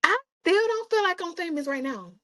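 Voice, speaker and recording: Her voice is extremely high-pitched and brisk, captured on a rough recording. Interviewed as an influencer, she chats casually and tells lively stories, frequently putting on playful voices and breaking into laughter.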